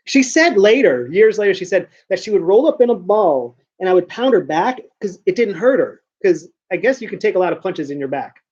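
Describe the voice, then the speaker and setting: A man's voice: high-pitched, very animated, a little fast, hardly any pauses, darkish tone, husky, lo-fi sound. A man talking casually to camera in a rambling vlog monologue, often restarting and repeating words. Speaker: vlogger.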